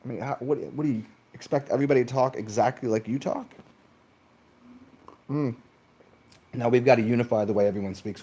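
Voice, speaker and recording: Guy ranting solo into the camera, swears a lot, medium pitch, keeps switching into mocking voices. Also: brisk, pauses often, slightly rough. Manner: profane, animated, mimics others in high mocking voices. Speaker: channel host. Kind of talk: casual monologue rant.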